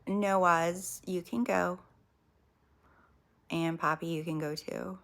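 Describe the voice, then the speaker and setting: Calm woman on a live stream. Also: lowish voice, takes it slowly, low-quality recording. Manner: calm, reassuring, repeats herself, addresses viewers directly. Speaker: livestream host. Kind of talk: live-stream spiritual talk to viewers.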